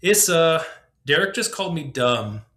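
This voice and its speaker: A small, wistful little girl from a storybook, put on by a man reading aloud. Her voice sits high and light, hovering and insistent. She sounds young and a little petulant. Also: sing-song, measured pace, fairly bright tone, echoey room.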